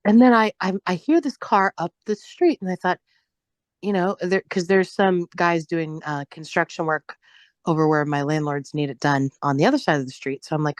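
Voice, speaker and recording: A woman's voice: fairly low pitch, moderate pace, no room sound. A woman co-hosting a podcast who tells a story casually and with animation, swearing freely, laughing, and stumbling over her words. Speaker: podcast co-host.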